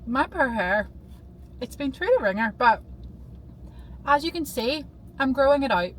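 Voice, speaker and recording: A young woman vlogging in a casual, rambling way, bubbly and quick to get excited. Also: high-pitched, slight background noise, low-quality recording. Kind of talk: casual chatty vlog.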